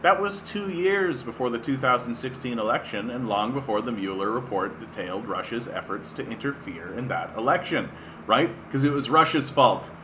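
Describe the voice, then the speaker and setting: A man's voice: medium pitch, expressive, normal speed, noisy background. A man from Canada streaming political commentary, reading an article aloud and breaking off into sarcastic, profane rants. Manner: sarcastic, profane, ranting, heavy use of "right?".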